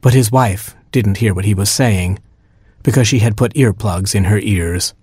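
Husky male storyteller, wry and deadpan, dry close sound. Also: lowish voice, moderate pace, no echo. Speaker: narrator. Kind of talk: storybook reading aloud.

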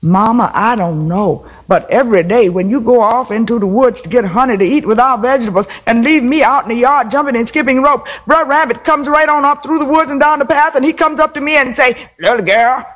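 A man's voice: extremely high pitch, fairly bright tone, voice pushed up, heavily acted. A man voicing a timid young girl bear cub in a folktale, speaking meekly and earnestly.

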